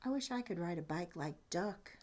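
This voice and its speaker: A woman doing a soft, wistful little mouse. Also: lowish voice, animated, moderate pace. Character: small wistful male mouse. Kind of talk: storybook read-aloud.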